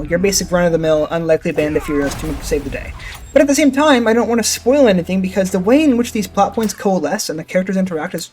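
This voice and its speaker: Joking young man reviewing a game. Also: high voice. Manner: jokey, sarcastic, swears casually. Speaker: gaming channel host.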